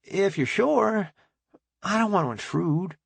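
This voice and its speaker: A woman's voice: mid-range voice, lively intonation, slow, vocal fry, slightly rough, no echo, pitched above the performer's own voice, heavily acted. A man reading an audiobook, voicing a shy young woman crew member who keeps apologizing. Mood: apologetic. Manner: timid, apologetic. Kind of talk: audiobook character voice.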